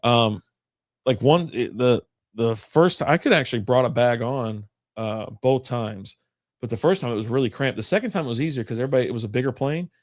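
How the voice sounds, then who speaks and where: A man's voice: mid-range voice, brisk, dry recording, studio quality. A man co-hosting a casual chat, telling a long story in a rambling, profane way and acting out what people said. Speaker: podcast co-host.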